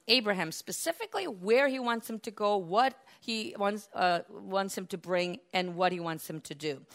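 A woman preaching a sermon, retelling scripture as a lively story with laughs and acted-out quotes. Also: mid-range voice.

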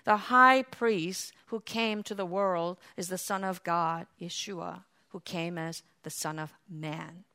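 A woman's voice: lowish voice, fairly even intonation, slow, few pauses, clean tone. A woman preaching a sermon, with conversational asides full of fillers, swelling into impassioned cries as she acts out scripture. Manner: impassioned, rising to loud cries when acting out scripture.

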